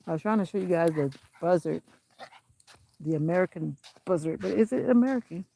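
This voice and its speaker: A woman's voice: fairly low pitch, lively intonation, fairly quick, creaky, warm tone. A woman vlogging casually while walking her dog outdoors on a country road, chatting and giving the dog firm commands. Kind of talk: casual walking vlog commentary.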